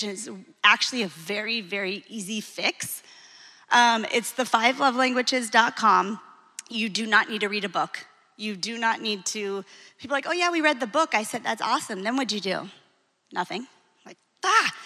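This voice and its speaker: A woman in her forties, a marriage coach, giving a lively, frank and encouraging talk to a live audience. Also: mid-range voice. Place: hall with an audience. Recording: long reverb of a large hall.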